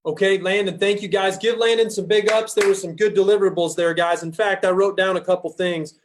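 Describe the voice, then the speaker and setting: A man leading a team training call, giving an energetic, folksy pep talk over a video call. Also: high voice, a little fast, slight background noise. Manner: energetic, folksy, pumps up listeners with "guys". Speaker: team leader hosting a sales training call.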